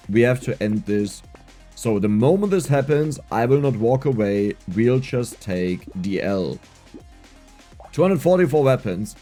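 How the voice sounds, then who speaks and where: A man giving casual gameplay commentary, excitable and laughing often, with a strained, scratchy voice. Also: mid-range voice. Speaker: gaming YouTuber.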